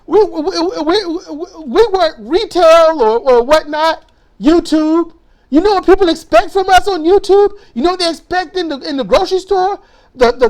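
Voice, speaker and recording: A woman ranting angrily in a vlog. She swears a lot, hammers her points, and stumbles over repeated words when worked up. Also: very high voice. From United States. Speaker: YouTuber.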